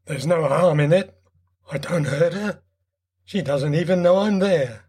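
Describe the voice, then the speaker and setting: A woman's voice: sits low, a little slow, mellow, slightly rough. A woman voicing a lonely, secretive older father who speaks defensively and fretfully.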